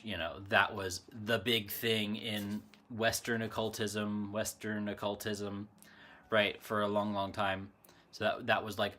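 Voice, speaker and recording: A man's voice: fairly low pitch, pushed and bright. A man hosting a casual spiritual chat from his desk at home, meandering and correcting himself as he talks. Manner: meandering, self-correcting, chatty. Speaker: channel host. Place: home desk with computer and lamp.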